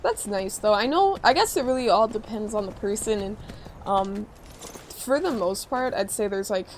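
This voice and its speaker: A woman's voice: mid-range voice, animated, moderate pace, slight background noise, poor audio. A woman from Chicago with a Chicago accent, chatting and giggling while she streams a game. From Chicago area, USA. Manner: chatty, giggly, rambling with many fillers. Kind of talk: casual chat while playing a game.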